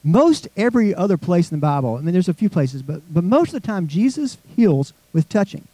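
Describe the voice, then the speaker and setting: A man's voice: high-pitched, big pitch swings, a little fast, mellow, dry recording, poor audio. A man preaching a conversational sermon, asking the congregation questions as he goes. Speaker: pastor.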